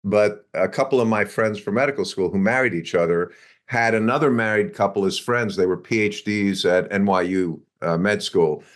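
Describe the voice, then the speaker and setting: Speaking at a moderate pace in a fairly low voice, a biotech executive in his sixties tells a career anecdote as an interview guest. He keeps it conversational and lively, performing the quotes and laughing softly as he goes.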